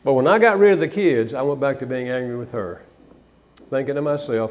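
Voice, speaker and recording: Older male speaker and author, storytelling talk, animated delivery. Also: medium pitch, a little fast. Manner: animated storyteller, acts out quotes.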